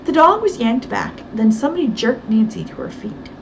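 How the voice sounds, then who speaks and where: A woman's voice: fairly high pitch, big pitch swings, moderate pace, vocal fry, recorded from a distance, lo-fi sound, slight background noise. Woman reading a story aloud expressively. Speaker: reader.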